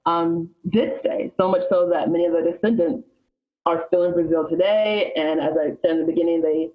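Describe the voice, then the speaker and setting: A woman's voice: on the low side, steady tone, brisk. A woman from Alabama, a guest on a podcast, explaining history in a chatty, informal way. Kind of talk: casual podcast chat. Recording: slightly dull lo-fi sound.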